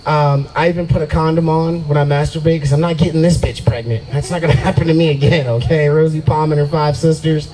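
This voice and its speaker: A man's voice: on the high side, fairly even intonation, fast talker, few pauses, dark tone, low-quality recording. A man in his forties doing a profane, boastful stand-up set at an outdoor open mic, laughing at his own jokes. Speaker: stand-up comedian. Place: open mic at a brewery, out of doors.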